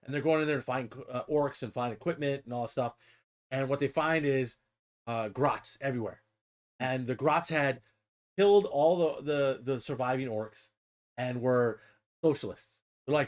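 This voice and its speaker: A man's voice: a little high, normal speed. A man hosting a casual live stream, retelling a story animatedly and laughing often. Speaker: host.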